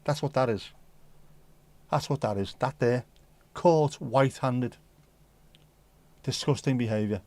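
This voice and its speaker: A man's voice: medium pitch, normal speed, pauses often, darkish tone. A man hosting a casual livestream who reads viewer comments in a jokey, rambling, playful way. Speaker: livestream host.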